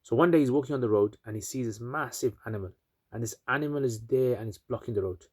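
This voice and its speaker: A man's voice: medium pitch, fast, darkish tone, dry recording, clean studio sound. A man casually retelling a religious story, chatty with many asides and fillers.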